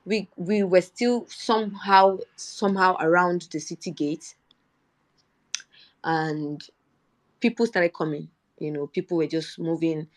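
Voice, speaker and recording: Young nigerian woman recounting what happened, earnest, kinda low voice. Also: fairly even intonation, unhurried. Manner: earnest storytelling, rising indignation when quoting herself. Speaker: Twitter Space speaker. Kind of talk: personal account in a live audio chat.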